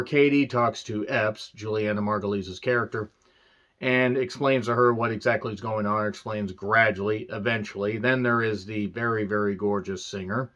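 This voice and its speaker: Male reviewer, sarcastic rambling rant, mid-pitched, on a dull lo-fi recording. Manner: sarcastic, rambling, profane asides. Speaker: movie reviewer. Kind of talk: casual ranting film review.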